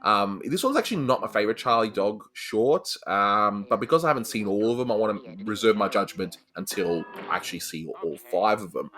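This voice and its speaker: A man's voice: lowish voice, animated, fairly quick, hardly any pauses, fairly bright tone, faint music behind. A man with an Australian accent, chatting casually as a co-host reviewing old cartoons, laughing often between fillers. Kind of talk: casual chat.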